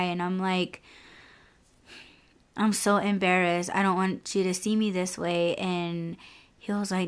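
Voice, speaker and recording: Smooth-voiced woman, frank podcast storyteller. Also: fairly low pitch, level tone, a little slow, a bit bright. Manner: frank and candid, heavy use of like and you know. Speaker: podcast host. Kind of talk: casual personal storytelling.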